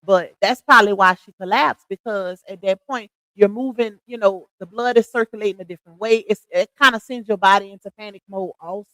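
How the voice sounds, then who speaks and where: A woman's voice: medium pitch, fairly quick, few pauses, sharp tone, dry recording, low-quality recording. A woman hosting a storytime show, chiming in with her own opinions and summing up for the audience. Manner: chatty, sums up and gives opinions to the audience. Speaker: host. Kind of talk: storytime commentary.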